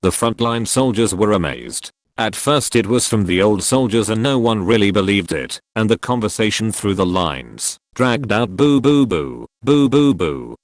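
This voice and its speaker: A man reading a historical novel aloud as an audiobook narrator, in a solemn, measured way. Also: fairly low pitch, lively intonation, no room sound, studio quality.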